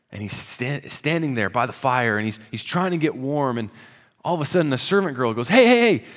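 A man preaching a sermon, retelling the story conversationally and dropping to a soft, low voice at solemn moments. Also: big-room sound. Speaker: pastor.

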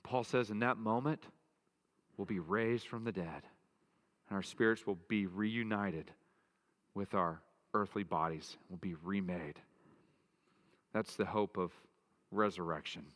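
A man's voice: lowish voice, measured pace, pauses often, fairly bright tone. A man pastor preaching an earnest, emphatic sermon, repeating key phrases for weight. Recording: long hall reverb.

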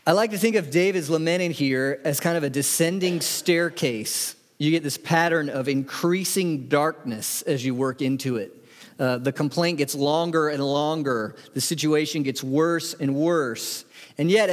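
A man preaching a sermon, earnest, putting direct questions to the congregation and reading scripture aloud with feeling. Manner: earnest, rises in pitch when reading the psalm aloud. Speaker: pastor. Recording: long hall reverb.

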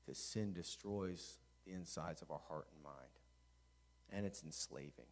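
A middle-aged male pastor preaching a sermon, swinging from quiet intensity to loud, animated storytelling. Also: a bass voice, a little slow.

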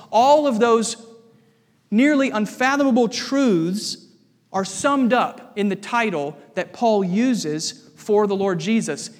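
A man preaching a sermon as pastor, measured and emphatic, often repeating key phrases. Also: high-pitched, long reverb tail.

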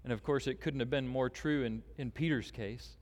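A man preaching a sermon as pastor, deliberate and emphatic, with long pauses. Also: medium pitch, steady tone, a little mellow. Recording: long hall reverb.

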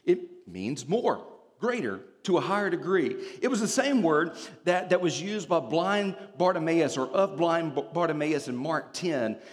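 A man preaching a sermon in a church, telling stories with humor and explaining scripture in an animated way. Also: on the high side, a little slow, long reverb tail.

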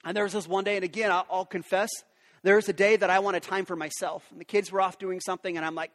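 A man's voice: sits high, level tone, quick pace, fairly bright tone. A man preaching a sermon to parents in an earnest, conversational way. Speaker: pastor. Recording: long reverb of a large hall.

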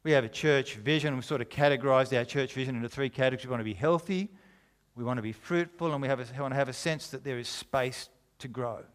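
A man's voice: medium pitch, fast. A middle-aged man preaching a sermon, conversational and jokey but driving home his points with emphasis. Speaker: pastor.

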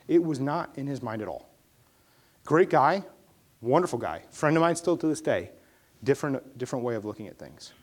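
A man's voice: mid-range voice, expressive, normal speed, a little mellow, husky. A man preaching a sermon in a casual storytelling way, with emphatic bursts on key points. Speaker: pastor. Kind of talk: conversational sermon.

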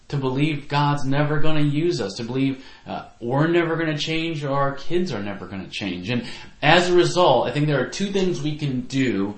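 A man's voice: mid-range voice, animated, moderate pace. Guy giving a sermon to parents, earnest, thoughtful, middle voice, kinda echoey room. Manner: earnest, reflective preaching with warm personal stories. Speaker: youth pastor.

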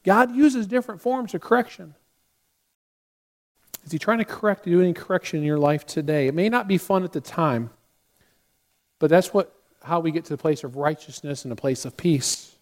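A man's voice: a little high, lively intonation, normal speed, long pauses. A middle-aged man preaching a sermon as a pastor, earnest, with sudden acted outbursts.

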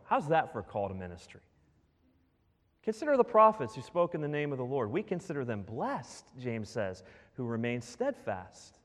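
A male pastor preaching a sermon in a church, animated and full of rhetorical questions to the congregation. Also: mid-range voice, normal speed. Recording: long reverb of a large hall.

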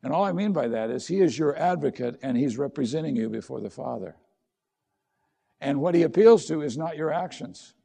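A man's voice: on the high side, animated, a little fast, creaky, warm tone, breathy edge. A middle-aged man preaching a sermon as a pastor, conversational and direct, posing questions to his listeners.

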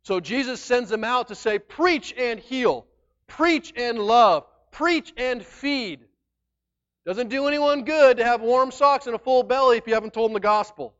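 Guy preaching a sermon, pretty high smooth voice, chatty and emphatic, kinda muffled recording. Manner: emphatic and conversational, shifting between loud and quiet. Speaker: pastor.

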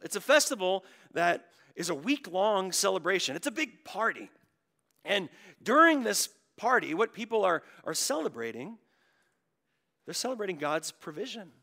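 A man preaching a sermon, moving from quiet storytelling to loud, drawn-out emphasis. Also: high voice, creaky. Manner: swings from hushed to loud, stretching key words. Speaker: pastor.

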